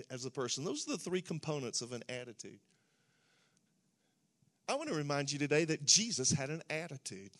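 A man's voice: high-pitched, a bit bright. A man preaching a sermon in a church, speaking emphatically and building to fervent exhortation.

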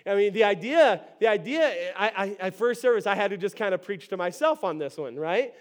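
A man's voice: high-pitched, animated, fairly quick. A man preaching a conversational sermon as a pastor, acting out stories and checking in with the audience. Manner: conversational preaching, acts out stories, frequent "right?" and "okay?".

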